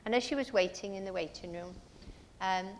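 A woman's voice: medium pitch, a little fast, long reverb tail, a little hiss or hum. A woman preaching a sermon in a church, telling stories earnestly and asking her listeners rhetorical questions.

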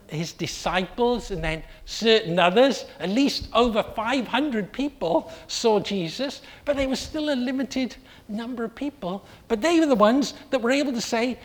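A preacher giving an earnest sermon, telling a story with steady repetition. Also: mid-range voice.

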